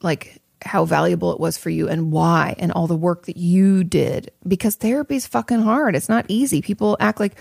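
A woman's voice: on the low side, normal speed, creaky, few pauses, darkish tone, slightly rough, no echo, clean studio sound. A woman therapist talking casually to her audience, reassuring and chatty, with many fillers and restarts. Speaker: therapist answering audience questions. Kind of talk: casual advice talk.

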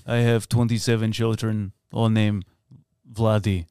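A man voicing a boastful Russian man nicknamed Polar Bear, with a Russian accent and a low gruff tone. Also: level tone, measured pace, warm tone, dry recording, studio quality.

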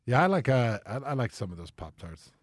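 Animated, incredulous male radio co-host. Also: mid-range voice, fairly quick, no room sound, clean studio sound. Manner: animated, incredulous, laughs easily. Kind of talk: casual radio banter.

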